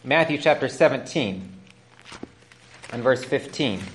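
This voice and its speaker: A man's voice: lively intonation, measured pace, slight background noise. A man preaching a sermon, retelling scripture as a story and acting out its dialogue. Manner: storytelling, acts out dialogue with rising pitch.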